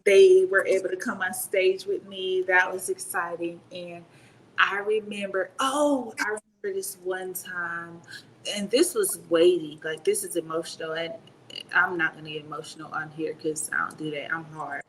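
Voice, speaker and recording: A woman in her fifties, a retired Army sergeant major, telling stories in a casual interview, animated and laughing as she talks. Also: lowish voice, normal speed, a little hiss or hum, low-quality recording.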